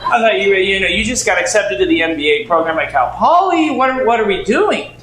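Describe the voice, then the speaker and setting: A man's voice: sits high, sing-song, fairly quick, a bit bright, slight background noise, poor audio. A middle-aged man from the United States, a real estate mentor, telling a seminar story and acting out both sides of the conversations.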